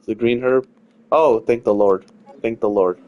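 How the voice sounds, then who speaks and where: A man's voice: medium pitch, unhurried, no room sound, lo-fi sound. A man giving casual let's-play commentary as he plays, rambling, repeating himself and swearing freely. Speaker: gaming streamer.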